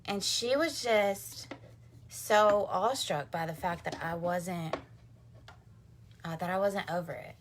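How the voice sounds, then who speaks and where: A woman's voice: fairly low pitch, slow pace, pauses often, a little hiss or hum. Chatty woman, laughing vlog talk. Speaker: vlogger and mother. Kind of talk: casual vlog chat to camera. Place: at home, indoors.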